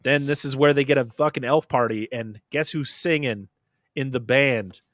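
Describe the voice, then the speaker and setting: A man's voice: medium pitch, normal speed, fairly bright tone, dry recording, clean studio sound. A young adult man hosting a podcast, retelling a film in a casual, jokey way, swearing often and laughing. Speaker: podcast host. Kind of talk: casual movie recap chat.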